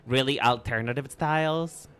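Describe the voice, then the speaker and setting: A man's voice: mid-range voice, normal speed, a bit bright, smooth. A man with a Mexican accent, a native Spanish speaker, chatting casually on a live stream in a playful, rambling way full of restarts. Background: faint music.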